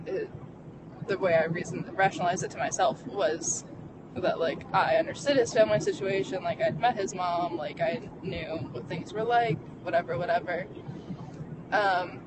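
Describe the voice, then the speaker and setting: Halting young adult talking in a car. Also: mid-range voice. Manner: halting, heavy on fillers, frequent restarts. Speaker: vlogger. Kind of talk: candid personal storytelling. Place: inside a car. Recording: vehicle noise behind. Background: car road noise.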